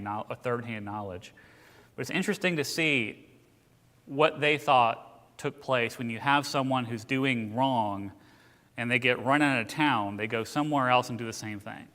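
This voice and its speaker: The long reverb of a church hall surrounds a man teaching an informal Bible class. He has a medium-pitched, fairly bright voice and tells stories in a conversational way, adding asides.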